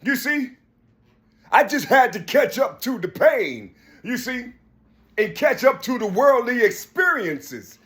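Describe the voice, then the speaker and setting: An adult man giving a rambling spiritual monologue, preachy and repetitive, often jumping between high and low voices. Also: big pitch swings, slow pace, fairly bright tone. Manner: preachy, repeats "you see".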